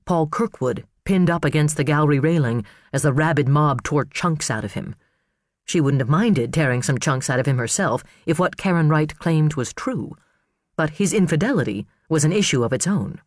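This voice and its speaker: A man narrating an audiobook thriller in an expressive, dramatic storytelling manner. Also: a little high, normal speed, no echo, studio quality. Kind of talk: scripted narration.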